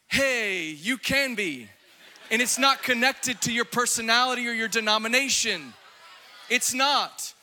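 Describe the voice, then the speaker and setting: A man preaching a fiery, exuberant sermon, at times shouting and laughing. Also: extremely high pitch. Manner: acts out quoted voices in his preaching.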